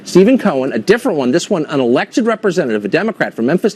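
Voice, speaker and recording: A man's voice: on the high side, big pitch swings, fast talker, few pauses, darkish tone, slightly rough. A man hosting a cable news interview segment, asking pointed, skeptical questions. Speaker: host.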